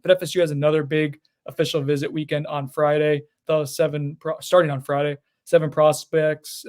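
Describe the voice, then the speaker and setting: Male podcast host, higher pitch, loose and self-deprecating. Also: darkish tone. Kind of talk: casual podcast chat.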